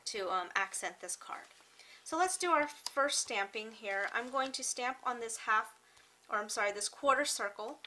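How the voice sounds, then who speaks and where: Bright-voiced woman explaining a craft. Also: on the high side, low-quality recording. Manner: chatty and unhurried, with small fillers and self-corrections. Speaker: card-making tutorial host. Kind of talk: step-by-step craft tutorial narration.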